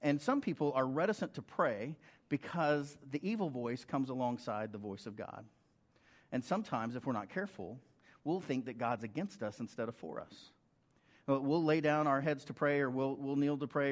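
A man's voice: medium pitch, moderate pace. A middle-aged man preaching a sermon in a conversational way, often asking the congregation rhetorical questions. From United States. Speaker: pastor.

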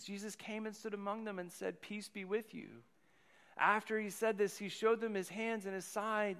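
A man's voice: sits high, fairly bright tone. A man in his thirties, a pastor giving a sermon with a rambling personal story, often repeating his words. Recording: long hall reverb.

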